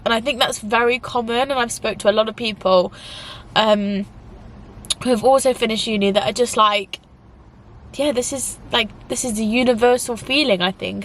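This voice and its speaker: A young adult YouTuber from England rambles through a casual, emotional vlog full of fillers, tearful at times. Her voice is on the high side and a bit bright, with a little hiss or hum in the recording.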